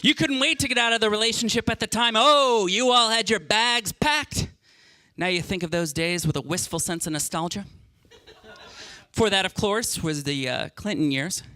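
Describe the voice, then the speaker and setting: A man doing stand-up with a high, very bright and sharp-edged voice. He tells his stories in an animated way and stutters on repeated words as he builds a bit. The sound is close and dry. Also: normal speed, smooth, no echo. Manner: animated storytelling with stammered repeats. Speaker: stand-up comedian. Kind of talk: stand-up comedy set.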